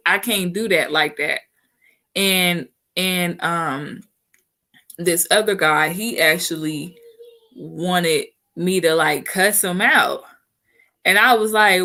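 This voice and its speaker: A woman speaks candidly in relaxed conversation, circling back with easy asides to her listener. Her voice sits somewhat low but has a bright, forward edge. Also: takes it slowly. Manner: frank and chatty, often says "you know what I'm saying". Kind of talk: candid casual chat.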